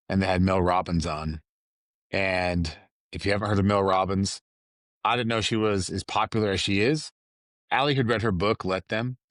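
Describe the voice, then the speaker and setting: A man's voice: deep voice, no room sound, clean studio sound. A man hosting a podcast on his own, talking in a loose, rambling, conversational way with lots of asides. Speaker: podcast host. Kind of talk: casual solo chat.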